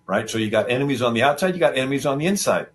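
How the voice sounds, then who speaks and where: With a medium-pitched, rapid-fire delivery, a man hosting a talk show rambles through a historical tale. He acts out the figures' lines with animation, and his speech is loose, packed with fillers and restarts.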